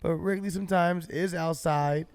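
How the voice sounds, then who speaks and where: A man co-hosting a podcast, telling a story in an animated, casual way and swearing freely. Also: a little high, moderate pace, clear, resonant tone, dry recording. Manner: animated, swearing, acts out his own shouts. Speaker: podcast co-host.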